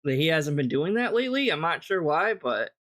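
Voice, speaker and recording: A man rants through reaction commentary with blunt, profane dismissiveness. His voice sits slightly high for a man, and he talks loosely and casually. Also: very animated, brisk, fairly bright tone. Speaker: commentary streamer.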